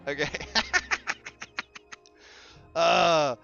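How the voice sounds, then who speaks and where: A man's voice: fairly high pitch, extremely slow, gravelly, bright, forceful tone. A young man streaming casually, telling a story with lots of laughter and swearing. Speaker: VTuber streamer. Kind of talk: casual live-stream chat. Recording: slightly dull stream audio with music.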